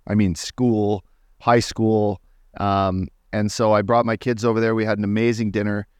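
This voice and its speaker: A man's voice: fairly low pitch, level tone, moderate pace, clean tone, no echo, clean studio sound. A man co-hosting a podcast in laid-back, sometimes profane casual chat. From Newfoundland. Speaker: podcast co-host.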